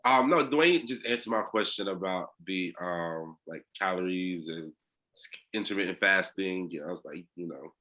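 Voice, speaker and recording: A man's voice: deep voice, normal speed, bright, forceful tone. A man on a video call with his coaches, talking casually in a slangy, laid-back way with lots of fillers and restarts. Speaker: coaching client.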